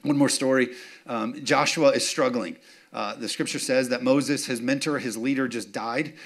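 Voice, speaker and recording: A pastor preaches a sermon built on personal stories, speaking conversationally, repeating key phrases for emphasis and asking the congregation for amens. His voice is medium-pitched with fairly even intonation at a normal speed.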